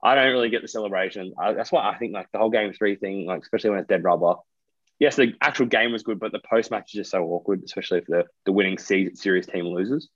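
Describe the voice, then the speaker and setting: A man's voice: fairly low pitch, fast talker, no echo. A young man with an Australian accent co-hosting a casual podcast, rambling with lots of fillers and restarts. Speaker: podcast co-host. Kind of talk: casual chat. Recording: dry, dull lo-fi sound.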